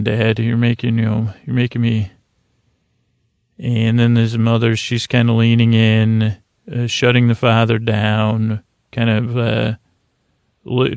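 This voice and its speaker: Drowsy, creaky-voiced man recapping an episode. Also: mid-range voice, no room sound. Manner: meandering, hesitant, many fillers and restarts; mild, drowsy, unhurried delivery. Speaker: podcast host. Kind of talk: low-key sleep podcast episode recap.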